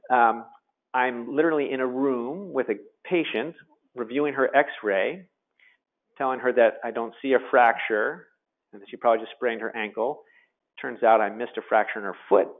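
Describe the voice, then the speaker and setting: Man telling a story, tinny narrow sound. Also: mid-range voice. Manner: storytelling, halting with many fillers. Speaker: emergency physician speaker. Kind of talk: presentation talk.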